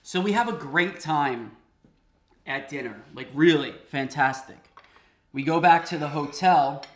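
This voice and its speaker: A man hosting a cooking video, telling a comic story in an animated, conversational way and laughing often, in a home kitchen. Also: fairly high pitch, unhurried. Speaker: host.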